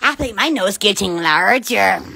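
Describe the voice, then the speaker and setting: Bright, slow-talking woman hosting a livestream; giggly, rambling, full of exclamations. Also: medium pitch, animated, gravelly, a little hiss or hum. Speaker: livestream host. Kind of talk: casual Instagram livestream chat.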